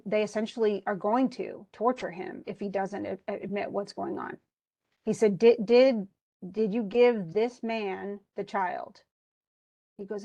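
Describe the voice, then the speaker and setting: A woman's voice: medium pitch, gravelly, dull audio. Woman teacher telling a story in class, lots of restarts, acts out the lines a bit. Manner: animated storytelling, reads quoted lines aloud, frequent restarts. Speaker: literature teacher. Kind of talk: lecture retelling a play.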